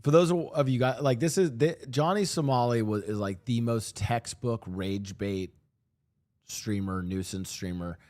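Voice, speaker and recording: A man's voice: medium pitch, unhurried. A young man streaming, reacting to news clips, swearing and talking to his chat. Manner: swearing, animated, talks to chat. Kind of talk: live-stream reaction commentary. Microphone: desk streaming mic.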